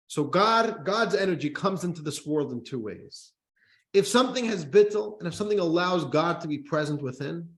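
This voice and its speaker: Animated rabbi teaching a class. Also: male voice, a little high. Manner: animated teacher, reads text aloud then explains. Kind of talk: Torah class lecture. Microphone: microphone in front of him.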